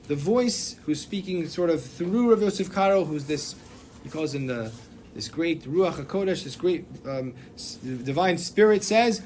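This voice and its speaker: A man's voice: fairly high pitch, expressive, moderate pace, a little hiss or hum. A man, a rabbi, teaching a class in an informal, digressive way, with many fillers and restarts. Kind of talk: informal lecture.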